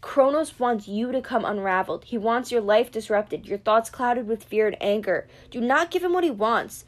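A woman reading the part of a weary, kindly old male centaur teacher in a gentle, measured, grave way. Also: on the high side, lively intonation, natural voice. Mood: grave counsel. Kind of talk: audiobook character reading.

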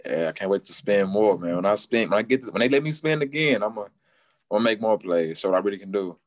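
A low-voiced man tells his story with lively animation, jumping high in pitch whenever he acts out what people said. He laughs often between lines. The sound is dry and close, with no room echo. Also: quick pace. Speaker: football player guest.

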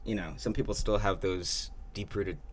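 A man's voice: lowish voice, fairly even intonation, normal speed. A young man in casual chat, rambling with many fillers and laughing often.

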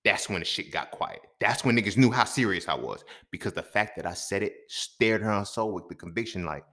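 A man hosting a podcast, telling a story in a casual, profane monologue that swings between loud outbursts and quiet asides. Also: lowish voice, lively intonation, quick pace. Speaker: podcast host.

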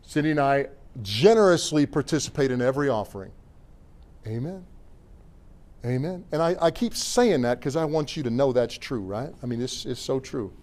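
A middle-aged man preaching a sermon as pastor in a church, animated and joking with the congregation between scripture readings. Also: mid-range voice, moderate pace. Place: church sanctuary.

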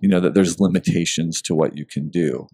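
A man's voice: sits low, mellow, husky, no echo. Earnest man with a dry close sound. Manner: earnest, emotional, halting with fillers. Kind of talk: casual book discussion.

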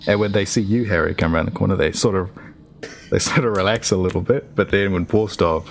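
A man's voice: low voice, fairly quick. A man narrating as game master of a tabletop game, easygoing and laughing often.

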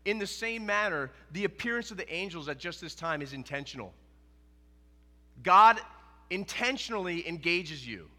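A middle-aged pastor preaches a sermon earnestly and animatedly at a normal pace, driving his points home by repeating phrases. His voice is high, bright and forceful, and a long reverb suggests a large church sanctuary.

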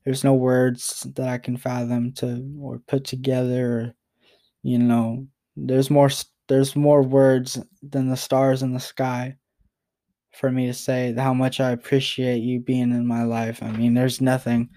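A young man speaking to the camera in a personal vlog. He stays in a flat, level monotone and keeps breaking off to restart his thoughts. He sounds close to tears the whole way through. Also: mid-range voice. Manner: rambling, halting, repeats himself and apologizes. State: emotional, near tears. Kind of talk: emotional personal vlog message.

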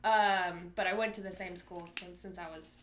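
A woman's voice: lowish voice, normal speed, a little hiss or hum. A young woman from South Carolina with a General American accent, chatting casually with a friend and laughing often. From South Carolina, USA. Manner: laughs often, relaxed storytelling. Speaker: guest friend. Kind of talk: casual chat.

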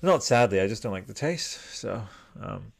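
A man's voice: lowish voice, expressive, normal speed, vocal fry, no room sound. A man hosting a podcast livestream, reading out viewer comments in a rambling, chatty way, tired and swearing freely. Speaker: podcast host. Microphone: desktop mic with headphones.

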